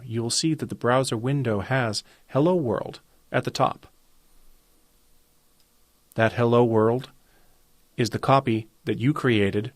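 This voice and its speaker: A man with a mid-range voice teaches web design in a screen-recorded coding tutorial, calmly and methodically covering every step. There's no echo in the audio.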